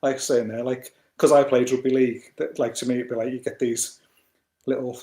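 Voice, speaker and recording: A man's voice: medium pitch, level tone, brisk, dark tone. English man chatting in an echoey room. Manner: laughs often, tells stories, swears casually. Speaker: podcast co-host. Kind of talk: casual chat. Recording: roomy echo.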